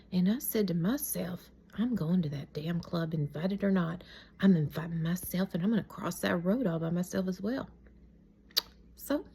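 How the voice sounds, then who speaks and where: Gravelly low-voiced woman. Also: mellow. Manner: folksy, drops into whispers, salty with mild swearing. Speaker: storyteller. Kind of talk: casual storytime vlog.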